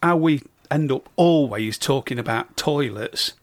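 A man's voice: mid-range voice, measured pace, no echo. A man with an English Midlands accent co-hosting a casual couple's podcast, teasing and joking crudely. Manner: teasing, jokey, crude banter. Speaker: podcast co-host.

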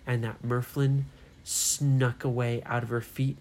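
A woman telling a children's bedtime story, slow and soft, playing up the characters' voices. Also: very deep voice, little pitch movement, a little hiss or hum.

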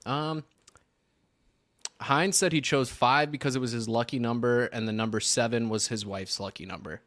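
A man's voice: mid-range voice, fairly even intonation, moderate pace, a bit bright. A man co-hosting a podcast in casual chat, often hesitating with filler sounds. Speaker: podcast co-host.

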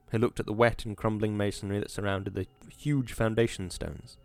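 Low-voiced man narrating a story. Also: steady tone, normal speed, gravelly. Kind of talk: audiobook narration.

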